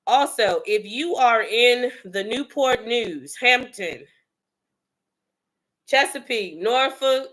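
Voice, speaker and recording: A woman hosting a casual livestream, chatty and upbeat as she greets her viewers one by one. Her voice sits a little high and rings bright and forward. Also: animated, slow. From the Bronx, New York. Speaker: livestream host.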